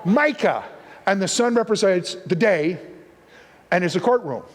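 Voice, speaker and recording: High-voiced punning preacher in a church. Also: male voice, lively intonation, a little slow. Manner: playful, punning, acts out voices. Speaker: guest preacher. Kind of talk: sermon teaching. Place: church sanctuary with live audience. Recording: long reverb of a church hall.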